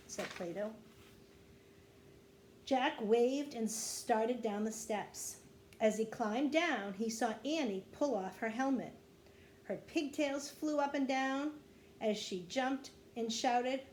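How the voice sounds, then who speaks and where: A woman, a kindergarten teacher, reading a children's chapter book aloud with expressive storytelling. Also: measured pace, a little hiss or hum. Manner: expressive storytelling, dropping low after quotes.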